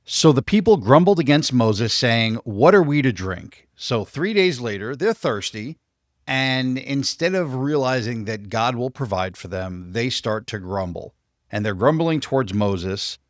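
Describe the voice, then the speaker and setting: Man, co-host, scripture explanation, steady, dry room sound. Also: medium pitch, a little slow, no echo. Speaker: podcast co-host. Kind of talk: explaining scripture in casual discussion.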